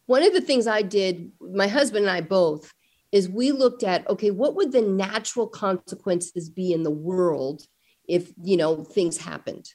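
A middle-aged woman, a parent guest in an interview, telling family stories with lively acted-out dialogue. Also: medium pitch, measured pace. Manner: animated storyteller acting out family dialogue. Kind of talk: conversational interview storytelling.

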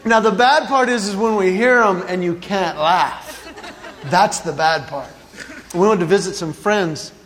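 A man's voice: sits high, unhurried. A man performing a stand-up comedy routine, telling stories with quoted dialogue and chuckling at his own jokes. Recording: long hall reverb, faint ambient noise.

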